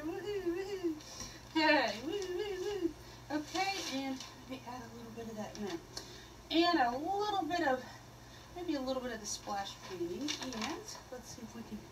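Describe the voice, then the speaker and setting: A woman with a high voice leads a relaxed painting tutorial. She is chatty and playful, dropping little "woo" sounds as she paints. She sits a bit away from the microphone, with faint ambient noise behind her. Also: far from the mic. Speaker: art teacher.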